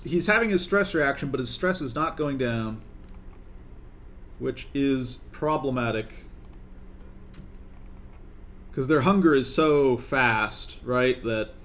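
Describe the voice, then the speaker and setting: Streaming a colony game, a young gamer coaxes his characters along and voices his frustration with them in live commentary. His medium-pitched voice has a fairly bright tone, with slight background noise in the clip.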